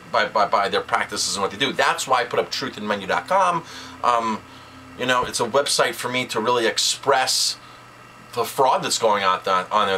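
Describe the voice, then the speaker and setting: A man's voice: medium pitch, pushed and bright, a little hiss or hum, rough recording. A man, a chef, speaking straight to camera in an indignant, emphatic vlog rant, repeating words for stress.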